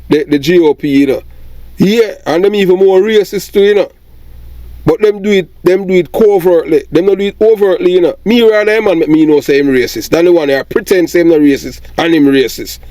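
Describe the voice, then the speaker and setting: A man's voice: on the high side, mellow, no room sound. A middle-aged Jamaican man with a Jamaican accent, commenting in a rambling monologue and often asking "you understand?".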